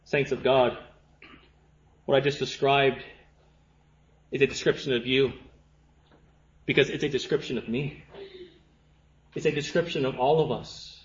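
A man preaching a sermon to a congregation, impassioned and repetitive, swinging from hushed passages to fervent rhetorical questions. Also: mid-range voice, steady tone, moderate pace, pauses often, reverberant, muffled recording.

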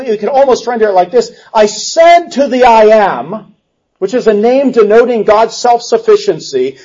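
A man preaching an expository sermon, earnestly explaining scripture and slowing down for quoted verses before dropping to quiet reflective asides. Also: high voice, husky. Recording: dull lo-fi sound.

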